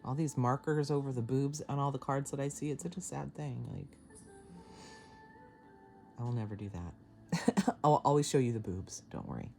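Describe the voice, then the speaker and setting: A woman giving a casual tarot reading to camera, chatty and excitable, laughing often and swearing casually. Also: rumbling low, normal speed, creaky, long pauses, soft background music. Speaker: tarot reader.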